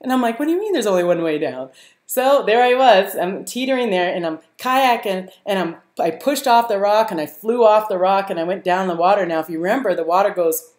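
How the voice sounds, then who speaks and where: Lively woman telling stories in an echoey room. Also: mid-range voice, fairly quick. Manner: animated, laughing, many fillers and restarts. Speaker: live stream host. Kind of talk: casual storytelling to viewers. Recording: roomy echo.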